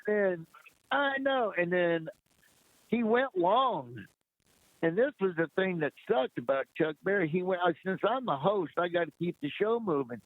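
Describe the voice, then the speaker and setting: A man's voice: high voice, moderate pace, dry recording. A man guest on an interview show, animatedly telling backstage anecdotes and acting out what people said. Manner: lively anecdote teller who acts out quotes. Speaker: guest comedian. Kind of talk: casual interview storytelling. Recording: dry, tinny phone-like line.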